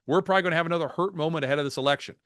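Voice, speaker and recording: A man presenting a market outlook over slides in a video webinar, folksy and animated, dropping jokes and anecdotes. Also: a little high, rapid-fire, no room sound, studio quality. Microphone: video call.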